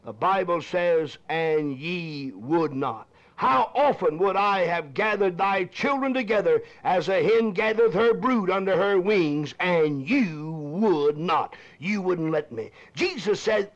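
A high-voiced man preaches an old-time sermon with fervent emphasis, repeating key phrases and dropping suddenly to a hush. The recording sounds dull and lo-fi, like an old archival tape. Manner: emphatic, repeats phrases, swings from loud to hushed.

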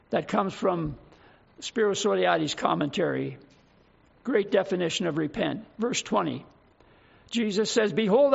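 Older male preacher, very high voice, gravelly, fervent sermon, muffled lo-fi recording. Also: a bit bright. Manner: fervent, drawn-out emphatic phrases.

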